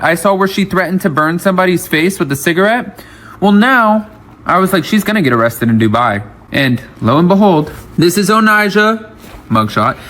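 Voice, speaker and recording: A man commenting to viewers in a casual way, acting out what other people said. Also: fairly high pitch. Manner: animated, acts out quotes. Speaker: commentator in a clip.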